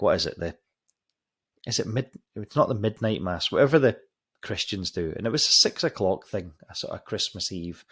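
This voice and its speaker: A podcast host tells a long story in a loose, rambling way. His voice is low and husky, and he swears freely, often stopping to restart a sentence. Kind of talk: casual storytelling.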